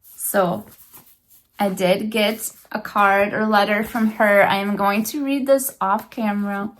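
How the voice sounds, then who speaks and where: A crochet vlogger unboxes a handmade gift while chatting casually to camera. Her voice is mid-range and steady, and she speaks slowly. She gushes emotionally, repeating her praise again and again.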